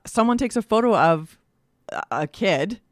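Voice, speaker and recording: A woman co-hosting a casual talk show, speaking in a reflective, animated way about her own habits. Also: mid-range voice, a little slow, no room sound, clean studio sound.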